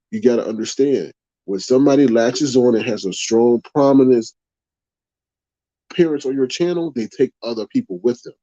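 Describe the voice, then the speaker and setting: A man hosting a live online stream, talking casually to his viewers, reading their chat comments aloud and giving his take in an animated way. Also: mid-range voice, no room sound. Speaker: YouTube livestream host. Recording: dull, dry lo-fi stream audio.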